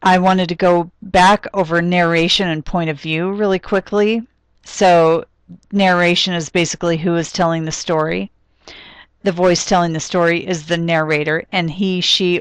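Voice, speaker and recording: A woman's voice: lowish voice, fairly even intonation, moderate pace, clean tone, no room sound. A woman lecturer explaining literature in a recorded class, thinking aloud with frequent ums and restarts.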